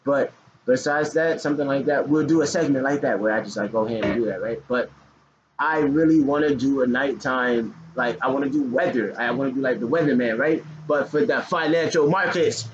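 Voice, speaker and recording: Speaking briskly in a mid-range voice, a man chats casually about forex trading, loose, joking, and slangy, with hyped outbursts. The recording is dull and lo-fi with faint noise.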